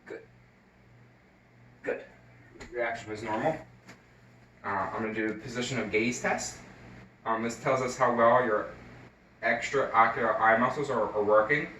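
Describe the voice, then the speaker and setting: A man's voice: mid-range voice, a little slow, pauses often, sharp tone, far from the mic, a little hiss or hum. Hesitant man explaining an exam in an echoey room. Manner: hesitant, many fillers, explains each step. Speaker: nursing student. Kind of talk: recorded skills demonstration.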